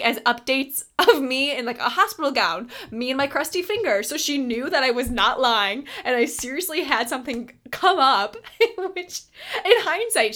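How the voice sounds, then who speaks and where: A young woman with a slightly high voice tells a personal story as a podcast host. She talks in a loose, animated way, full of fillers and quick laughs. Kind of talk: casual storytelling.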